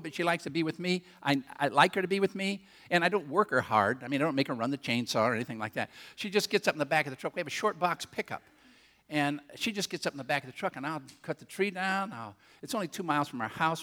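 An older man preaching a sermon as a rambling story, folksy and self-deprecating, with quick asides to the congregation and a rural turn of phrase. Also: a little high, sharp tone. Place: church auditorium. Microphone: handheld or headset mic.

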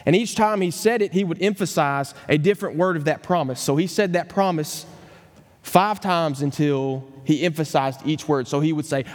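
Man, pastor, sermon, slightly higher voice, emphatic, long church reverb. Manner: earnest, emphatic, slows down on key phrases. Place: church sanctuary.

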